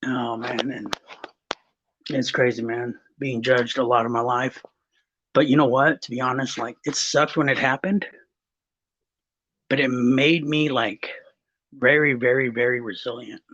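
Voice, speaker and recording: A man from Texas rambles through personal stories in casual chat, swearing freely and restarting his sentences often. His voice is a little husky at a middling pitch, and the recording sounds slightly muffled. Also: steady tone, a little slow, pauses often, a bit bright. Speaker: guest.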